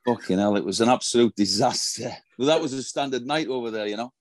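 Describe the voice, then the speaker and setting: A man's voice: medium pitch, quick pace, no room sound. A middle-aged man, a former footballer telling profane anecdotes in a casual interview. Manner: profane, storytelling, swears constantly.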